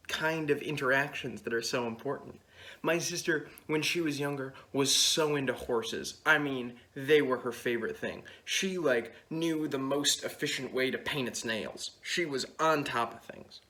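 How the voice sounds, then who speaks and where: Brief: late-teen male, bright tone, dry rambling anecdotes. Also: mid-range voice, normal speed. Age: late teens. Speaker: talent show performer. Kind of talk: stand-up storytelling.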